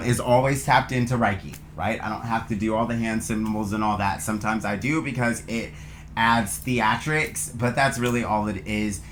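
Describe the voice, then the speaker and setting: A man hosting a spiritual card reading channel, speaking gently and affectionately in a loose, meandering way, with many fillers. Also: mid-range voice, slight background noise. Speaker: channel host, tarot reader. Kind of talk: spiritual oracle reading, affirmations.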